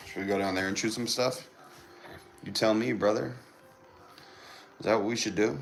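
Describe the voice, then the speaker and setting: A man's voice: on the low side, vocal fry, a little hiss or hum. A young man hosts a casual livestream from home. He reads viewer comments aloud, banters with them and often repeats his phrases. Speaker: livestream host. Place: indoors at home with a TV on.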